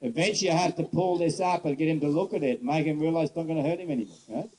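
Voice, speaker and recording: Mellow-voiced man teaching horse training. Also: on the high side, rapid-fire, a little hiss or hum, low-quality recording. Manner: casual, rambling, blunt storyteller; soft coaxing talk to the horse. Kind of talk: demonstration lesson with storytelling.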